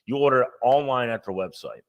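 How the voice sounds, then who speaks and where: A man's voice: medium pitch, a little fast, highs cut off. A man co-hosting a casual car podcast, ranting and swearing emphatically. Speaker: podcast co-host. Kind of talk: casual profane car chat.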